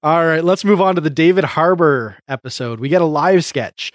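A man's voice: a little high, normal speed, dry recording, studio quality. A man co-hosting a casual podcast, reviewing comedy sketches in a chatty, hesitant way with frequent restarts.

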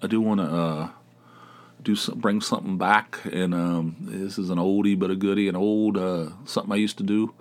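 Middle-aged man, low voice, rambling casual podcast talk, wry, swears freely. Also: fairly even intonation, normal speed, a little mellow. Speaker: podcast host. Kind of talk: casual solo podcast chat.

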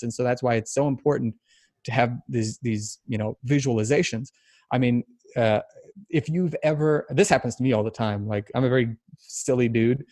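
Guy hosting a podcast, thinks out loud, lots of ums, dry close sound. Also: mid-range voice, no room sound. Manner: thoughtful, explanatory, halting with fillers. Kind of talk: casual podcast chat.

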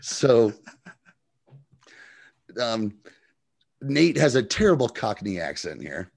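Gravelly-voiced man recapping a show. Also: medium pitch, slow pace. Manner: animated retelling with quoted voices and laughs. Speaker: podcast co-host. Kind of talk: casual recap chat.

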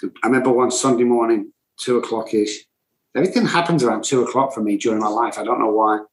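A man's voice: medium pitch, fast talker. Intense middle-aged man, echoey room. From England. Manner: blunt, intense, self-described loud and cocky. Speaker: guest, recovery speaker. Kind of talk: emotional personal storytelling.

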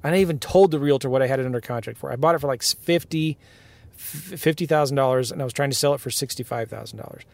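A man's voice: mid-range voice, fast talker, creaky, dry recording. A man hosting a podcast, telling a story about a deal in a casual, emphatic rant and laughing along. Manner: animated, emphatic, laughs while telling stories. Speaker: podcast host, real estate investor. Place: in a car.

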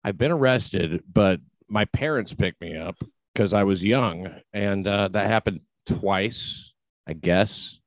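A man with a very low voice chats casually on a podcast, rambling and swearing freely as he restarts his sentences. The sound is close and dry. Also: slow, dry recording. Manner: rambling, profane, many restarts. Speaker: podcast host. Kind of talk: casual chat.

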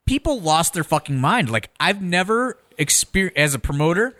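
A man with a bright, forceful voice, sitting a touch above the usual pitch for a man. He chats casually on a podcast as a wrestling promoter, telling stories with lots of swearing and animated energy. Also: moderate pace. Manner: profane, animated storyteller.

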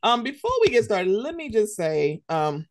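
A woman co-hosting a podcast in casual chat, animated and quick to act out quoted voices. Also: mid-range voice. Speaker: podcast co-host.

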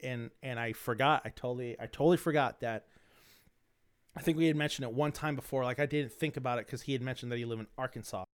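Quick, clear, and resonant at a medium pitch, a young podcast host tells a rambling tale. His speech is slangy and full of swearing and restarts, and he coughs from a dry throat.

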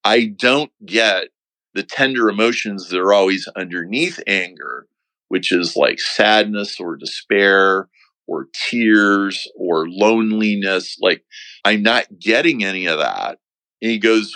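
A middle-aged man as a podcast guest, slowly and earnestly recounting a personal story in a reflective way. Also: fairly low pitch, animated, bright, forceful tone, no echo, low-quality recording. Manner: slow, reflective, earnest telling.

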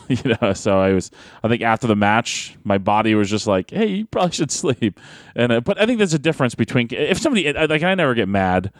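A man's voice: mid-range voice, quick pace, no echo, studio quality. A man, a wrestler, chatting casually on a podcast, telling stories with lots of laughs and acted-out voices. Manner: animated storyteller, laughs often, acts out voices. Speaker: pro wrestler, podcast guest.

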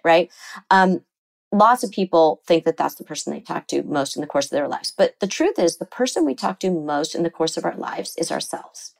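Earnest woman therapist, slightly low voice. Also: normal speed, creaky, poor audio. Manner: earnest, explanatory, animated when quoting others. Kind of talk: interview conversation.

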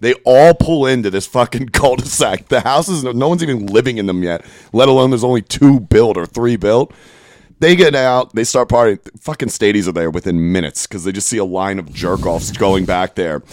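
A man's voice: fairly low pitch, normal speed, darkish tone, no echo, clean studio sound. A man from the Philadelphia suburbs telling a rambling, crude story on a casual podcast, laughing as he goes. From Delaware County, Pennsylvania. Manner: rambling, crude, laughs through his stories. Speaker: podcast co-host.

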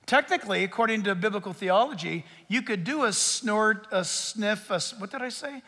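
A man preaching a sermon as a pastor, in an animated, joking way that speaks straight to the crowd. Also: high-pitched, moderate pace. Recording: long hall reverb.

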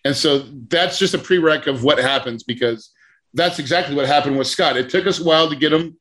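A higher-pitched man leads a class on property deals, telling the story with energy. His pitch swings widely as he acts out what each person said. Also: a little fast. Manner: animated storyteller, acts out quotes. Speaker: real estate coach.

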